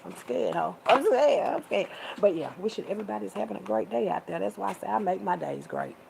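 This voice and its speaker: A woman's voice: mid-range voice, gravelly, dark tone, a little hiss or hum, low-quality recording. A woman, sassy and preachy, calling listeners baby and child. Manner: sassy, preachy, drawn-out with pet names. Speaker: vlogger. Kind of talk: casual monologue to camera.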